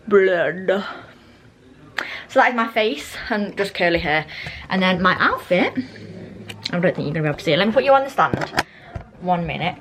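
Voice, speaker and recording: A woman's voice: fairly low pitch, fairly bright tone. Vlogger, young woman, rambling casual chat, handheld phone, faint background hiss. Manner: chatty, rambling, laughs often, lots of "um". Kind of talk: casual chatty vlog.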